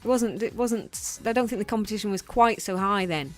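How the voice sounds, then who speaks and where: A woman's voice: mid-range voice, fairly quick, faint music behind. A woman from North Wales, a former actress, chatting as a guest on a radio show and often agreeing with short replies. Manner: warm agreeing backchannel, brief replies. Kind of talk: casual radio interview chat. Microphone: studio microphone.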